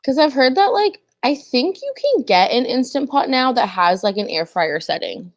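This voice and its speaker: A woman's voice: sits high, sing-song, moderate pace, no room sound, clean studio sound. A young woman hosting a livestream, chatting casually and laughing often, filling her talk with "like". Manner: chatty, giggly, full of "like". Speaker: stream host.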